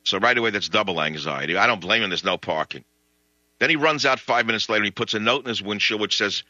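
Radio host guy ranting a story, really bright voice, dry and kinda lo-fi. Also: lowish voice, fast, no room sound. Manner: animated storytelling, comic outrage. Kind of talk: talk radio monologue.

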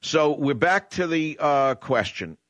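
Slow and animated, a brash talk radio host with a New York accent draws out words for emphasis as he gives an opinionated, conversational monologue. His voice is fairly high and a bit bright; the studio condenser recording is dry, with highs cut off.

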